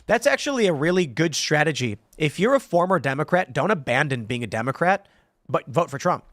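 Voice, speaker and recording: A man's voice: on the high side, a little fast, no room sound, studio quality. A man hosting a podcast, reading viewer comments aloud in casual chat and acting out quotes as he tells stories. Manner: animated storytelling with acted-out quotes. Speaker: podcast host.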